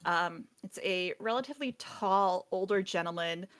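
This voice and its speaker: A woman's voice: lowish voice, moderate pace, fairly bright tone. A woman narrating as game master, casual and full of fillers. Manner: casual, filler-heavy, giggly.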